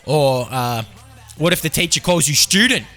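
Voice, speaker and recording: A man's voice: fairly high pitch, expressive, normal speed, pushed and bright, soft background music. A man with an Australian accent hosting a podcast, rambling through absurd tangents with lots of fillers. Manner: absurd, meandering, filler-heavy. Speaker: podcast host. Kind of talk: rambling comedic monologue.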